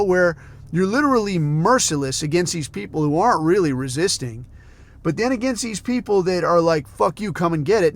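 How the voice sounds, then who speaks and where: A man's voice: high voice, fairly bright tone. A man from the United States, hosting a podcast and ranting in a heated, profane, sarcastic way. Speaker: podcast host.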